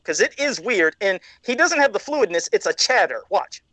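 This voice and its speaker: A man's voice: extremely high pitch, big pitch swings, moderate pace, hardly any pauses, a bit bright, no echo. Male podcast co-host, heated profane rant, dry close sound. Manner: angry, profane ranting. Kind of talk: ranting casual chat. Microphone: video call.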